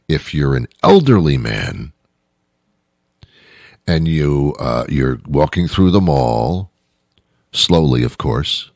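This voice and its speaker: A man's voice: sits low, no echo, studio quality. A man hosting his own show, rambling through a self-deprecating comic monologue with stumbles and restarts. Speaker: host. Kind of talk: comedic monologue.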